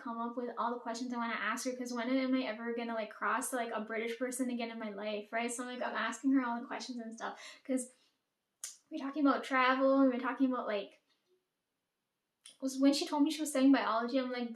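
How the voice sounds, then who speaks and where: Chatty woman, roomy echo. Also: fairly high pitch. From Caribbean. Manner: chatty, profane, fillers "like" and "right?". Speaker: storyteller. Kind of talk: casual storytime chat.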